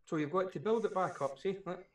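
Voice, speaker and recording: A man's voice: sits high, fairly quick. A British man co-hosting a casual live stream, chatty and rambling, often repeating his words. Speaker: co-host.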